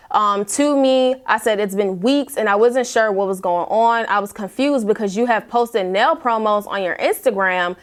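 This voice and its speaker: A young woman vlogger telling a story in a casual, exasperated, emphatic way and reading her messages aloud. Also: mid-range voice. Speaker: YouTube vlogger.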